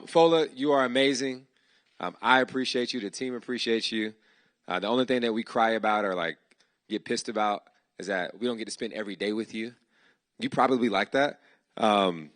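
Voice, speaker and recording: In an event hall before an audience, a man hosting a startup demo day gives his team warm, casual thanks peppered with slang. His voice is lowish with a fairly bright tone, and the recording is dry.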